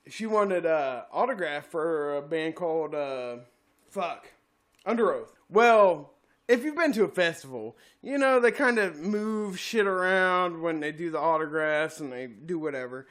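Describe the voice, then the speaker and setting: A man's voice: fairly high pitch, fairly bright tone. A man co-hosting a casual podcast, telling rambling, profane anecdotes and laughing often. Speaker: podcast co-host. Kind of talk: casual storytelling chat.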